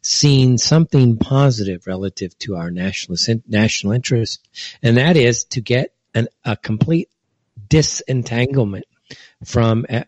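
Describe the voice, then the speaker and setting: A man hosting an online opinion show, talking in a heated, scornful way, with his voice jumping high when he is indignant. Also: a little mellow, no echo. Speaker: political commentary host. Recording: dull lo-fi dry recording.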